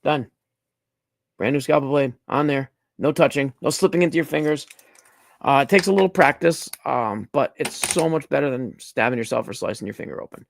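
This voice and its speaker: A man's voice: medium pitch, fairly quick, gravelly. A man hosting a live stream, casually demonstrating lab safety step by step in a blunt, repetitive way, swearing now and then. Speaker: streaming host teaching mycology safety. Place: dim room at home.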